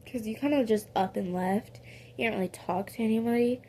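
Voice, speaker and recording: A woman's voice: a little high, fairly quick, warm tone, slight background noise. A woman improvising a casual second-person story, rambling with many fillers and corrections of herself.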